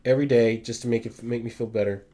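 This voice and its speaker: A man's voice: medium pitch, steady tone, quick pace, a loud crowd. A young man co-hosting a podcast, teasing and bantering with casual profanity. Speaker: podcast co-host. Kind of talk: casual chat.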